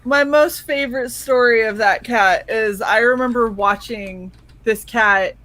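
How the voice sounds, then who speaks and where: A woman co-hosting a relaxed stream, telling a comic story with lively quoted asides and plenty of casual swearing. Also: a little high, a little slow, no room sound, rough recording. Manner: animated storyteller, swears freely, acts out quotes. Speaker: co-host of a chill stream. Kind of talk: casual chat.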